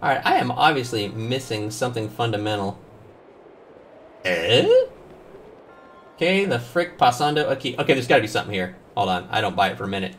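A gaming streamer with a fairly low voice talks fairly quickly and pauses often while he plays, chatting casually and spinning joking, profane stories. His gameplay commentary is animated, with faint game music and slight background noise behind him.

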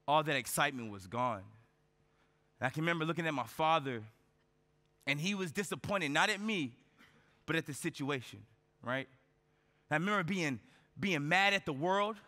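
Male keynote speaker, high bright voice, storytelling style, lots of rhetorical questions. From United States. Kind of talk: motivational keynote speech. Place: large event hall on stage. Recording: reverberant conference hall.

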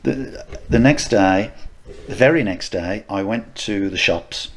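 A middle-aged podcast co-host tells casual anecdotes in a lowish voice, a little slow, with frequent restarts and laughs. A little hiss or hum can be heard.

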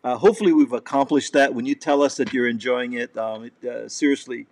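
A man's voice: mid-range voice, steady tone, fairly quick, dry recording. A man hosting a casual live chat show, reading viewer comments aloud and rambling with lots of laughter. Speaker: comedy show host.

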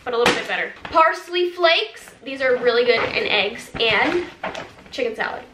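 A young woman in her twenties chatting excitedly and laughing as she unpacks groceries at home for a vlog. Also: on the high side, moderate pace. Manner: bubbly, chatty, laughs often. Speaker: vlogger. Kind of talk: casual haul vlog chat. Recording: echoey room with background noise.

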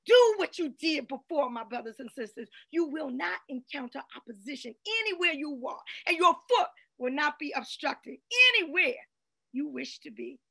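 A woman preaching a sermon over a video call, her voice high and bright. She rises into rhythmic call-and-response and shouted exhortations, then drops back to a hushed, intent delivery. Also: normal speed, vocal fry. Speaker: guest minister.

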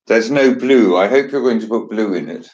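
A man's voice: lowish voice, normal speed, darkish tone, muffled recording. A man hosting a casual chat, joking and chatty with theatrical asides. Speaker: host.

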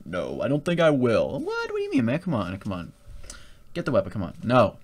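A man's voice: fairly low pitch, very animated, a little fast. Goofy young man, wildly swinging voice. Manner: goofy and erratic, jumping from mumbling to yelling. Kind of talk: chaotic casual gaming chatter.

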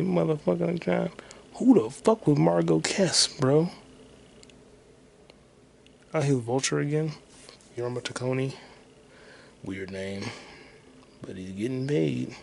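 Gravelly guy rambling on his own podcast, cussing a lot, mid pitch, just talking to himself while he searches stuff. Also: a little mellow, a little hiss or hum. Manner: profane, thinking aloud while searching online. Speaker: podcast host. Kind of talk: casual solo podcast rambling.

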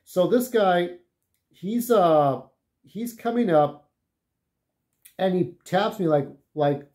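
A man tells casual stories in a rambling, profane way and keeps checking in with the listener. His voice sits a little high for a man. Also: lively intonation, slow pace, pauses often, a little mellow. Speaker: vlogger. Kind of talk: casual storytelling.

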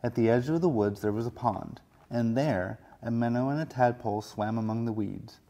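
A man, a children's librarian, reading a picture book aloud in a slow, gentle storytelling way. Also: medium pitch.

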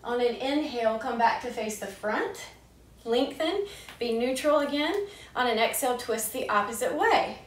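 Gentle woman yoga teacher, echoey room. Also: on the high side, moderate pace, distant mic. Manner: calm, soothing cues paced with the breath. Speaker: yoga instructor. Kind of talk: gentle guided yoga instruction. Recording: echoey room, voice a bit off-mic.

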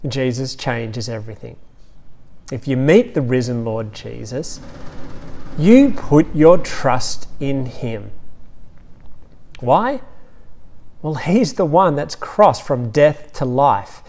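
A man with an Australian accent preaching an Easter sermon, retelling scenes with lively storytelling asides. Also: medium pitch, takes it slowly, pauses often. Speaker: pastor.

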